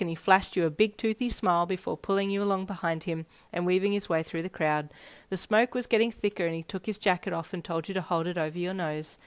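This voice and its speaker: A woman narrating a fanfiction story aloud in a steady storytelling read. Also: lowish voice, fast talker, clear, resonant tone. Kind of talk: scripted narration.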